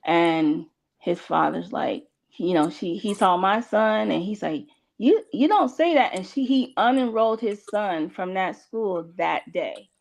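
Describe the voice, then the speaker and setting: A middle-aged woman from Chicago in casual conversation, telling personal stories in halting, self-correcting sentences. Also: on the low side, vocal fry, poor audio. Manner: halting, restarting sentences as she recalls events. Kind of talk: casual storytelling chat.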